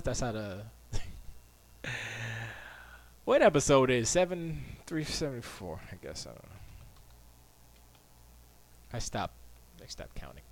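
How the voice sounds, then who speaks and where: Casual male streamer, rambling, mutters to himself, swings loud to hushed, home studio. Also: medium pitch, sing-song, slow, pauses often, no echo. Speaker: live streamer.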